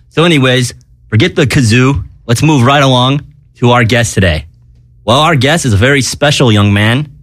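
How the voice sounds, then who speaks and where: A man hosting a comedic radio-style podcast, hyper and rambling, breaking into high sung jingles. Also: normal speed, fairly bright tone, no room sound. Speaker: podcast host.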